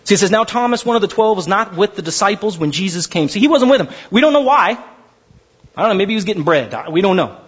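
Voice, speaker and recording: Guy pastor preaching, high pitched and super animated, swings all over, muffled recording. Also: quick pace, husky. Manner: animated storytelling, acting out voices. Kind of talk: sermon.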